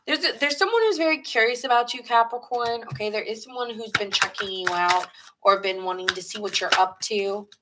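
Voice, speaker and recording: A woman's voice: medium pitch, brisk, very noisy. A woman from New York with a New York accent, giving a chatty, rambling live tarot reading and greeting viewers in the chat. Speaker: tarot reader.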